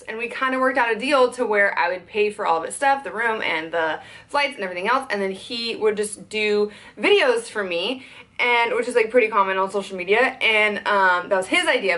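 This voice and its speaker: A young woman venting in a fast, worked-up storytime vlog, swearing as she tells it. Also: mid-range voice, fairly bright tone. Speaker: content creator.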